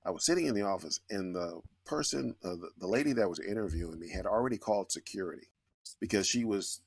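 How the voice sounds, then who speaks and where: A man's voice: low voice, animated, quick pace, slightly rough. A middle-aged man, a guest, telling his story in an earnest, reflective way with frequent restarts. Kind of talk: conversational storytelling.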